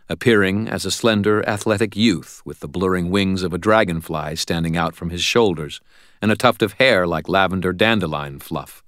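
A man's voice: deep voice, a bit bright, dry recording. A man reading a first-person audiobook narration in a wry, dry storytelling manner.

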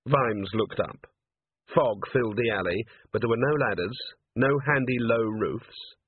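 A man narrating an audiobook in a lively, expressive manner. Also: medium pitch, unhurried, husky, no room sound. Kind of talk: audiobook reading. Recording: tinny phone-like sound, dry.

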